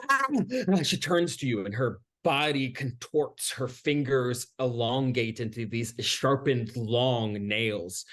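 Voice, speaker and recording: A man's voice: medium pitch, fairly bright tone. A man narrating as game master of a tabletop game, describing scenes with many fillers. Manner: descriptive, filler-laden storytelling. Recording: faint music behind.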